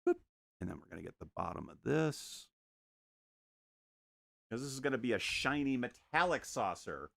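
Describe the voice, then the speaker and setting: A man's voice: mid-range voice, gravelly, dry recording, clean studio sound. A man chatting casually while painting on a live stream at home, joking and making little sound effects as he works. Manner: animated, jokey, makes sound effects. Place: home studio.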